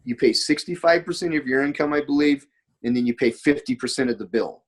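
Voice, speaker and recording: A husky-voiced man talks casually as a podcast guest. He spins long, rambling anecdotes at a mid pitch, with a breathy edge to his tone. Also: a little fast, low-quality recording. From United States. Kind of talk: casual conversation.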